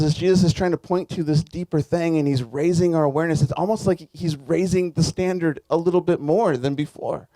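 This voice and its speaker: A man's voice: fairly high pitch, fairly quick, dark tone, no echo. A man preaching a sermon as a pastor, in a conversational, earnest way, with frequent restarts.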